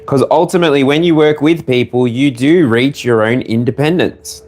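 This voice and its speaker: A man's voice: medium pitch, moderate pace, darkish tone. A man with an Australian accent giving a live collective tarot reading, rambling and playful, drifting into humming and laughter. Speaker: tarot reader.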